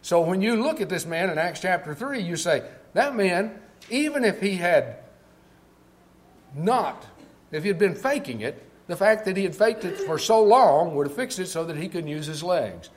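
An older Texan preacher with a somewhat high voice, delivering a sermon as easygoing storytelling. He drawls slowly whenever he wants a point to land. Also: animated, slight background noise. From Texas. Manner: conversational storytelling preaching, slowing for emphasis.

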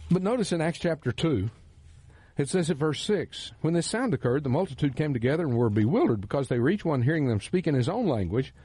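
A man with a Texan drawl teaches scripture on the radio, preaching earnestly and with emphasis. His voice swoops up and down with lively pitch, and its tone is warm and a little husky. The studio sound is close and dry. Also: fairly quick, dry recording. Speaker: radio Bible teacher and host.

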